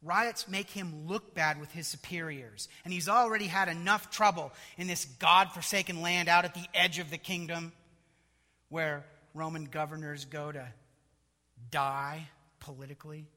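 A man preaching a sermon, dramatic and animated, with mocking asides. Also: on the high side, moderate pace, big-room sound.

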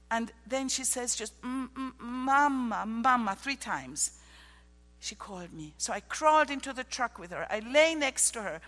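A woman missionary preaching a sermon, telling heartfelt stories that drop to hushed tones and rise to ringing exclamations. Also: high voice, big-room sound. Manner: emotional storytelling, swinging from hushed to ringing exclamations.

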